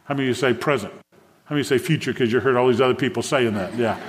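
A man's voice: mid-range voice, very fast, slight background noise. A man, a pastor preaching a sermon to a congregation, engaging them with questions. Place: church sanctuary with a congregation. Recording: long hall reverb from a church.

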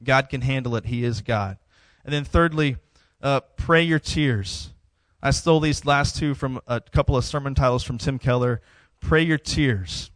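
A man in his thirties preaches a sermon in a relaxed, conversational way. He repeats his key phrases for emphasis. His voice sits a little high and sounds dry and close to the mic. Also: no echo. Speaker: pastor.

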